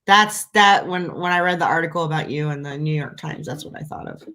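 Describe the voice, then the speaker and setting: A woman hosting a casual chat, an animated storyteller who laughs often. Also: deep voice, fairly quick. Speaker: host. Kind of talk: casual conversation.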